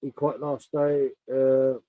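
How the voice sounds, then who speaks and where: A man's voice: mid-range voice, little pitch movement, slow, no echo, phone-quality sound. A man hosting a casual beer-tasting live stream, rambling and matey as he chats to his viewers.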